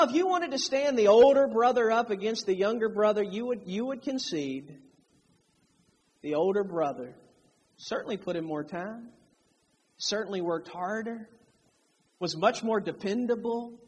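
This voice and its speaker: A man's voice: high-pitched, expressive, normal speed, pauses often, husky. A man preaching a sermon, emphatic, drawing out key phrases to stress them. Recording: long hall reverb.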